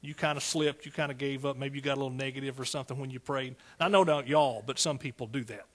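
A man's voice: medium pitch, fairly even intonation, fast. A man preaching a fervent sermon, calling out to his congregation.

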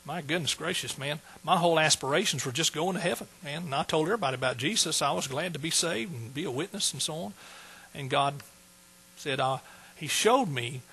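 Male preacher, folksy and emotional, bright raspy voice, mains hum on the recording. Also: on the high side, fairly quick, low-quality recording. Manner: folksy, emotional storytelling with fillers. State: close to tears. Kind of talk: sermon testimony.

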